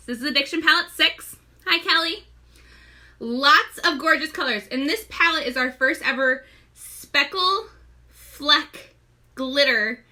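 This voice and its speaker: This makeup seller and live-stream host is a young pregnant woman whose high voice sounds pushed and bright. She keeps her casual live tutorial chatty, calls out to viewers by name, and often gets out of breath.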